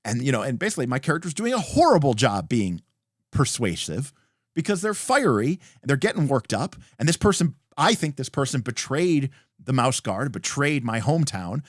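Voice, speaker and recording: Guy explaining rpg rules on a stream, super animated voice all over the place, dry sound. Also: medium pitch, normal speed, dry recording. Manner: animated, acts out example dialogue, many fillers. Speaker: host explaining game rules. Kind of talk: casual rules explanation on a livestream.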